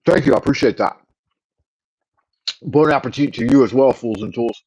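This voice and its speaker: A man's voice: mid-range voice, normal speed, darkish tone, breathy edge, poor audio. A middle-aged man with a Californian accent, rambling and swearing in an opinionated livestream chat. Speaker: livestream host.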